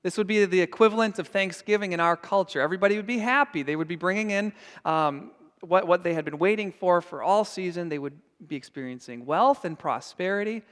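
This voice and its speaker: A man's voice: high voice, brisk, a bit bright, clean tone, big-room sound. A man preaching a sermon as pastor, earnest and emphatic. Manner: earnest and emphatic, acting out scenes. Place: church sanctuary.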